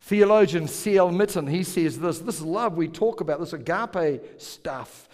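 Male pastor, sermon delivery, playful with the crowd, slightly higher voice, long hall reverb. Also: darkish tone. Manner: playful, jokes with congregation, asks them to repeat words.

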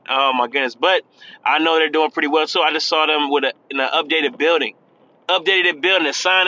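A man's voice: mid-range voice, bright, forceful tone, highs cut off. A man giving casual, earnest pep talk while driving, repeating himself and calling the listener "man". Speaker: podcast host. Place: in a car, driving.

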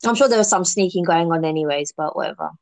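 A woman's voice: fairly low pitch, fast. A woman chatting casually as a podcast guest, eating snacks while she talks. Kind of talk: casual chat.

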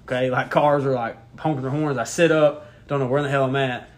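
This young podcast co-host has a mid-range voice, fairly even intonation, and a quick pace. He laughs through a profane, wandering story in casual conversation.

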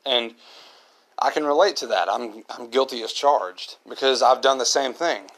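A man's voice: mid-range voice, normal speed, a bit bright. A man hosting his own podcast, talking in an earnest, reflective monologue and often repeating himself. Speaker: podcast host.

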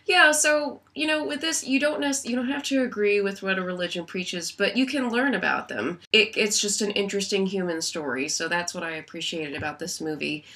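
A woman's voice: medium pitch, fairly quick, hardly any pauses, bright, forceful tone. A woman co-hosting a casual podcast chat, her voice cracking and sick. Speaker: podcast co-host.

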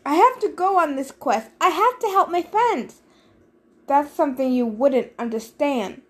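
A woman's voice: high voice, lively intonation, unhurried, darkish tone, voice pushed up. A woman reading as a defiant teenage boy.

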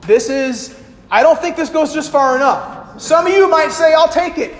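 A man's voice: extremely high pitch, lively intonation, moderate pace. A male pastor preaching a sermon, quizzing the congregation with yes-or-no questions and acting out the lines he quotes. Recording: long hall reverb, faint hiss.

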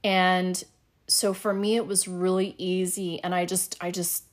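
Middle-aged woman host, slightly low voice, chatty and upbeat, solo podcast monologue. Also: level tone, measured pace. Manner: chatty and upbeat, many fillers.

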